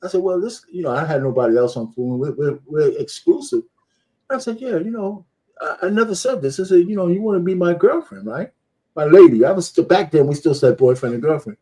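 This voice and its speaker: A man on a panel, telling a story about his marriage in a relaxed way. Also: fairly high pitch, brisk. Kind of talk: casual panel chat.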